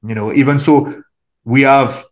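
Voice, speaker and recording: A man's voice: medium pitch, fairly even intonation. French-accented male actor, thoughtful. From France. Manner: thoughtful, pauses with fillers, mimics other voices. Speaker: actor guest. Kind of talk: casual interview talk.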